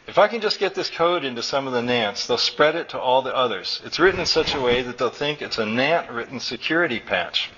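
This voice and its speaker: A man reading aloud and voicing a stubborn, agitated middle-aged male engineer who explains things in a rapid, insistent rush. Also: medium pitch, animated, pushed and bright, slightly rough. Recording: dull recording with faint room noise.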